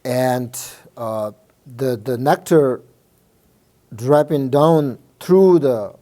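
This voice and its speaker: Slow, soft-toned Buddhist teacher, a man. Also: medium pitch. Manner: halting, many fillers and restarts; checks in with listeners often. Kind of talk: informal dharma teaching.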